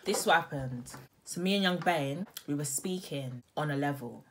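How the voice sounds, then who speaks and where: A young woman, chatting casually and telling a story in a loud, slangy way that breaks into laughter. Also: low voice, normal speed, a little hiss or hum. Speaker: vlogger. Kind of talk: casual chat.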